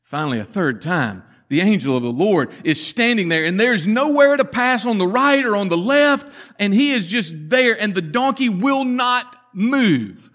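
A man preaching a sermon, telling the story dramatically and swinging from loud to hushed. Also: sits high, animated, normal speed, few pauses. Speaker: pastor.

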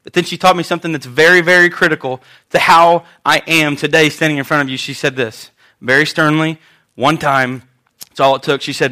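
A man in his thirties, a pastor giving a conversational Mother's Day sermon, animated and prone to repeating himself. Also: on the high side, fairly quick.

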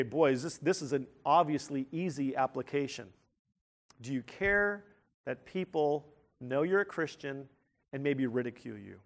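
A man preaching a sermon in an animated, emphatic way, with sudden loud outbursts and questions put to his listeners. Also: mid-range voice.

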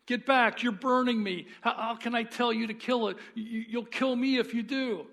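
A man's voice: sits high, moderate pace, fairly bright tone. A man voicing a frightened male ghost who stammers and pleads as he clings to his sin, during a sermon reading. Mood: panicked.

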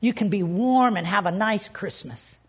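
A preacher voicing a kind woman who helps a poor boy, speaking gently and softly. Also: medium pitch, moderate pace, breathy edge, voice pushed down, close to an everyday voice. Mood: gentle.

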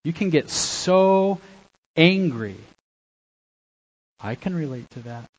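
A middle-aged man preaching a sermon as a pastor, swinging between loud exhortation and quiet, soft-spoken asides. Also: fairly high pitch, animated, slow pace, rough recording.

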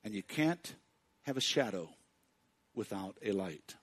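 A man preaching a sermon to his congregation, speaking directly to them and swinging between hushed and loud passages. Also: on the low side, lively intonation, unhurried, slightly rough. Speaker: pastor.

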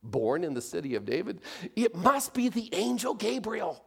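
A man's voice: high voice, very animated, normal speed, creaky, slightly rough, full character voice. A man reading aloud and voicing a weary, emotional new father. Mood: awed. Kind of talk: storybook reading.

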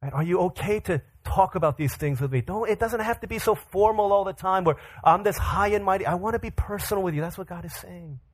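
Lively man preaching a playful sermon. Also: high voice, brisk, hardly any pauses. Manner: playful storytelling with acted voices. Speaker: pastor. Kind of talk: sermon to a youth audience.

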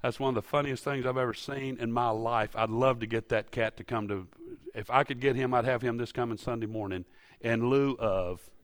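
Male pastor, mid-pitched, folksy sermon, builds to loud peaks, dry close sound. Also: steady tone, normal speed, no room sound. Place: church sanctuary.

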